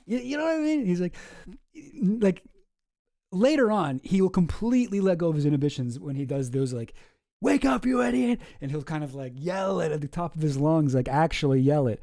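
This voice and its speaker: Laid-back man with a mellow voice. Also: fairly high pitch, dry recording, studio quality. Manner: laid-back rambling with many fillers. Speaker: streamer reacting to clips. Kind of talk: casual commentary.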